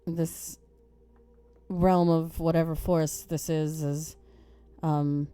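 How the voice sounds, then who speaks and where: This is a woman with a low, mellow voice playing a tabletop game. She talks loosely and casually and swears freely, and she sometimes speaks in her character's voice. Faint music runs under her. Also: level tone, takes it slowly, clear, resonant tone.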